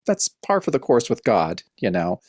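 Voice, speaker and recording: A man's voice: lowish voice, big pitch swings, normal speed, no echo, studio quality. A man co-hosting a comic-book podcast, tossing in wry, joking asides. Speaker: podcast co-host. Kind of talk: casual comic-book discussion.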